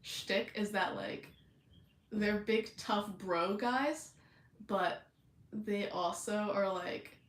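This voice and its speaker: A woman's voice: mid-range voice, extremely slow, roomy sound. A young woman hosting a casual chat, bubbly and giggly, with lots of fillers. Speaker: podcast host.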